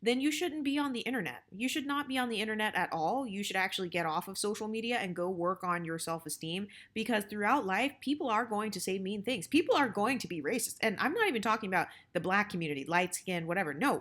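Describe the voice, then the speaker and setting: A woman's voice: mid-range voice, animated, a little fast, few pauses, a bit bright. Woman arguing hard in reaction commentary. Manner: emphatic, argumentative, rhetorical questions. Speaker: channel host.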